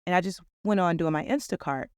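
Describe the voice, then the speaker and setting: A woman's voice: lowish voice, fast, clean tone, no echo, clean studio sound. A woman hosting a reflective podcast monologue, talking in an earnest, upbeat storytelling way. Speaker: podcast host.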